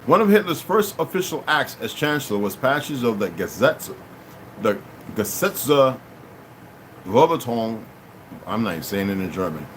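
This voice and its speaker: A man of middle pitch reads a passage aloud to his audience, often stopping to talk to them directly. He trips over unfamiliar words and starts sentences over. A faint background hum sits under his voice. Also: big pitch swings, normal speed, fairly bright tone, low-quality recording. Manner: stumbles over hard words and restarts, addresses listeners directly. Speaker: channel host. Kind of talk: reading a text aloud with off-the-cuff asides.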